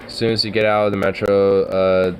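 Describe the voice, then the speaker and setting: A man chatting casually as a streamer, rambling, swearing often and getting excited, with lots of fillers. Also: on the low side, fairly quick, slight background noise, poor audio. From Oregon, US. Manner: profane, excitable, trailing off with fillers.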